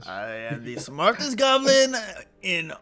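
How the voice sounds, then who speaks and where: A man's voice: high voice, big pitch swings, slow pace, crowd noise, voice pushed up, heavily acted. A man voicing a pompous, self-important male goblin captive who makes grand theatrical declarations. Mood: grandiose.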